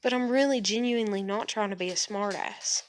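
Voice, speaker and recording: A woman's voice: medium pitch, brisk, a little hiss or hum. A woman venting bluntly to camera in a casual vlog rant, with frequent swearing and emphatic repetition. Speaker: vlogger.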